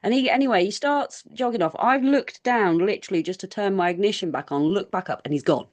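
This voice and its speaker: A woman's voice: medium pitch, fairly quick. A woman guest on a podcast, telling a story in a rambling, chatty way and acting out quoted lines. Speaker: guest paranormal researcher. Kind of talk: casual storytelling interview.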